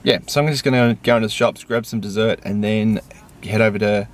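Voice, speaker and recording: A man's voice: on the low side, steady tone, a little fast. An Australian man hosting a casual vlog and podcast, talking in a laid-back, rambling way with lots of fillers, in a room. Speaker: vlogger and podcast host. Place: indoor room. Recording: roomy echo.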